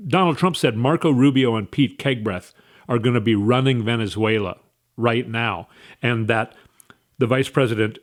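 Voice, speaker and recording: A man giving a casual political opinion monologue, scornful and opinionated, with wandering asides. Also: medium pitch. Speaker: political commentator.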